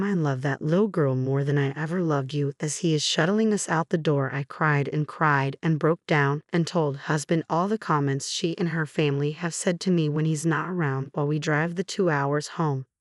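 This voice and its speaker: A woman narrating a personal story from an online post in a flat, steady read-aloud delivery. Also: sits low, no echo, clean studio sound. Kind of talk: reading a forum post aloud.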